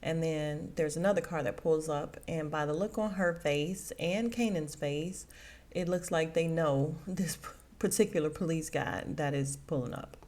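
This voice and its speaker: Woman retelling a TV episode, lowish voice. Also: moderate pace, darkish tone. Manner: conversational retelling, quoting characters' lines. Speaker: podcast host reviewing a TV episode. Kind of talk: casual episode recap.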